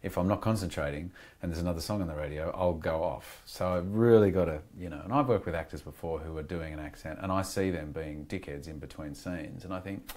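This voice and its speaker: Deep-voiced Australian man, candid and reflective. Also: a little fast, few pauses, darkish tone. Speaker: guest actor. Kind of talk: casual interview chat. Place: podcast studio.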